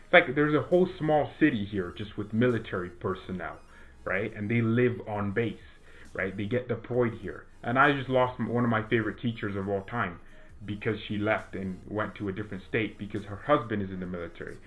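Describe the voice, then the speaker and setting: A man's voice: lowish voice, a little fast, a bit bright, highs cut off. A teenage boy from the United States chatting casually while he plays a video game, rambling with lots of restarts and fillers. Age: teens. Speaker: gaming streamer and fan commentator.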